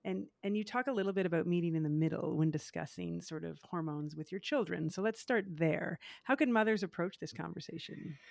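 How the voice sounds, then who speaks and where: A woman hosting an interview, asking questions and joining in with gentle laughs. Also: lowish voice, fairly quick, creaky, few pauses, no echo. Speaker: podcast host.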